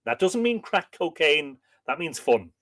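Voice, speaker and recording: Hosting a relaxed live-stream chat, this man from Ireland speaks at a measured pace in a slightly high voice. His storytelling is lively and jokey, and he laughs often.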